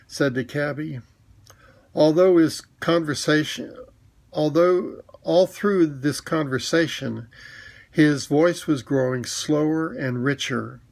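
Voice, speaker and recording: A man reads a children's book aloud in a gentle, friendly storyteller's way. His voice is gravelly and a bit high. His delivery is very slow.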